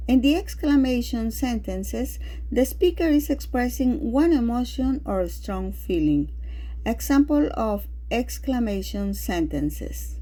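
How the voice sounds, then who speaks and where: A woman whose first language is Spanish, reading a lecture with spoken examples in a slow, careful way. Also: a little high, lively intonation, dark tone. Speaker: teacher.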